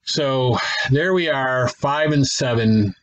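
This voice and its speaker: A man's voice: mid-range voice, takes it slowly, lo-fi sound, a little hiss or hum. Man thinking aloud over a baseball sim. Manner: thinks aloud, self-correcting, wry asides. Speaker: gaming channel host. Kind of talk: casual play-by-play commentary of a tabletop baseball sim.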